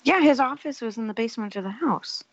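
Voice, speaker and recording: A woman's voice: fairly high pitch, animated, quick pace, no echo, muffled recording. A woman guesting on a casual podcast, making wry remarks.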